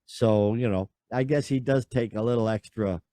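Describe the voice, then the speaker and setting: A man's voice: mid-range voice, normal speed, dark tone, no room sound, clean studio sound. A man hosting a podcast, rambling and exasperated in casual chat. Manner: rambling, exasperated, lots of fillers and sighs. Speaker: podcast host.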